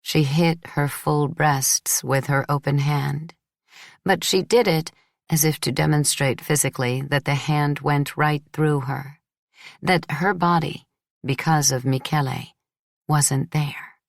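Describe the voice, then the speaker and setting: A woman reading a first-person novel as an audiobook in a measured, steady way. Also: low-pitched, gravelly, no room sound, studio quality. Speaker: audiobook narrator. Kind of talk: first-person literary narration.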